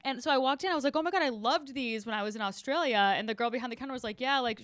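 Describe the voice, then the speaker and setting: A woman's voice: high voice, very fast, fairly bright tone, dry recording, clean studio sound. A young woman co-hosting a podcast, telling stories in casual chat, swearing freely and acting out quotes. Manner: chatty storyteller, swears freely, acts out quotes. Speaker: podcast co-host.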